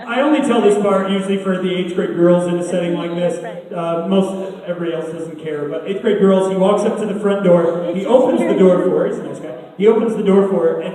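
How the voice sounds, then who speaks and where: A man telling a story to students at a school assembly, an animated speaker who throws questions at the audience, recorded by a phone from far back in a large hall. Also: high voice. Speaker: anti-bullying assembly speaker.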